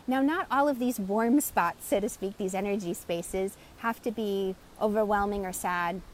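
A woman energy coach telling client stories in an animated way and greeting live viewers by name. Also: medium pitch, normal speed, slight background noise. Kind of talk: live-stream teaching talk.

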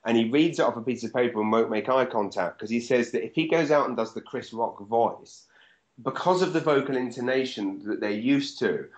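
A man, a stand-up comedian, chatting casually and telling stories with animated energy and the odd swear word. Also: medium pitch, a little fast. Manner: animated storyteller, swears freely. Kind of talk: casual chat. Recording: dull lo-fi sound.

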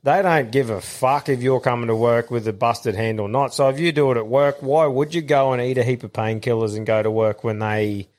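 A man's voice: medium pitch, brisk, few pauses, a little mellow. A man hosting a podcast in casual, blunt, swearing chat. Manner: blunt, swearing, laid-back. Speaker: podcast host.

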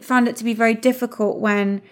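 A woman co-hosting a casual chat, speaking in a halting, reflective way with many pauses. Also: on the high side, steady tone. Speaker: podcast co-host.

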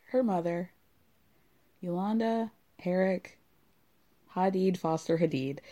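Sarcastic podcast lady gossiping, warm mellow voice, super animated pitch. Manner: sarcastic, rambling, giggly. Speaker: podcast host. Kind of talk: casual gossip chat.

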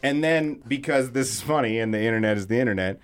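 A man's voice: medium pitch, quick pace, clean tone, soft background music. A man co-hosting a podcast, telling loose, profane stories with lots of laughter in casual chat. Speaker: podcast co-host.

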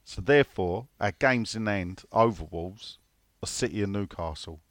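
Reading listener questions and telling meandering stories, this football podcast co-host swears without holding back. His voice is fairly low, at normal speed, recorded with no echo.

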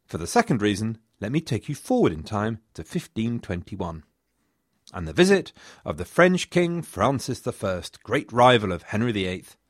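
A man narrating a history podcast, his fairly low voice swinging lively up and down as he tells the story. He slips in wry asides, and the recording is dry and close. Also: moderate pace, dry recording. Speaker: podcast host.

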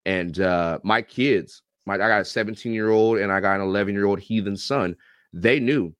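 A man in his thirties or forties, a football coach and YouTube reactor, telling animated, profane, joking stories as a guest on a podcast interview. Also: on the low side, moderate pace, clear, resonant tone, no echo, clean studio sound. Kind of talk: casual podcast interview storytelling.

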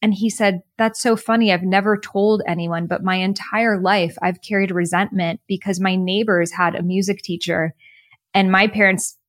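A woman from the United States, a podcast guest sharing her story in an earnest, animated, spiritual-motivational way. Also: medium pitch, normal speed, no echo, clean studio sound. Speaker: podcast guest, author and coach. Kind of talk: reflective conversational storytelling.

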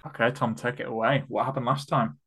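A man hosts a relaxed football podcast, talking casually and filling gaps with ums. He keeps the segment moving and hands turns to his co-hosts. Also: mid-range voice, a little fast. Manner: chatty, many ums, steering the segment. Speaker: podcast host. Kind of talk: casual chat.

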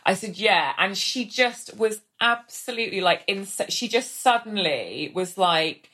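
A woman's voice: mid-range voice, animated, measured pace, sharp tone. A woman in her thirties, a podcast guest, telling long rambling anecdotes and acting out the voices of the people in them. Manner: rambling storyteller, acts out quoted voices. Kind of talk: casual podcast chat.

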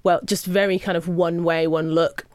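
A woman hosting a podcast in casual chat, animated and laughing often. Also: on the low side, moderate pace, no room sound. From Jamaican heritage. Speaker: podcast host.

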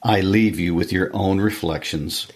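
A man reading the part of a dignified, gently teasing country gentleman from a novel, in a measured manner. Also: low voice. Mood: gently chiding. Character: gentlemanly older male country squire. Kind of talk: reading a novel's dialogue aloud.

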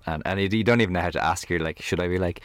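A man, a podcast guest talking casually in a camper van, telling animated stories full of "like". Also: deep voice, very fast, dry recording. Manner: animated storyteller, heavy on "like". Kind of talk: casual conversation.

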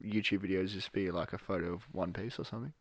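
Lowish voiced guy cohosting a podcast, blunt and teasing. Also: fairly even intonation, fast talker. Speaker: podcast co-host. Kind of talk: casual beer podcast chat.

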